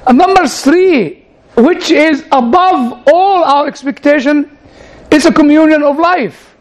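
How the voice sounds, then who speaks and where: A man's voice: very high-pitched, measured pace, rough recording. A man preaching a conversational sermon, often turning to the audience with "you know" and side questions. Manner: chatty, leans on "you know" and audience asides.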